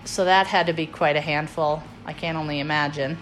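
A woman's voice: deep voice, fairly even intonation, brisk, faint music behind. A woman in her fifties from Wisconsin, one of five siblings, fondly recalling her mother and family trips in an interview. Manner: warm, fond recollection with fillers and acted-out quotes.

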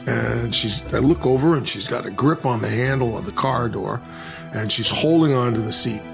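A man's voice: mid-range voice, vocal fry, over music. Man telling an earnest personal story. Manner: earnest, halting, with restarts.

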